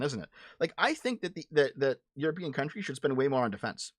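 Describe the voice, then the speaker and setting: A livestream show host offers casual political commentary, arguing bluntly and profanely with his chat and repeating and restarting words when heated. His medium-pitched voice swings widely in pitch and moves fast, recorded dry with clean studio sound.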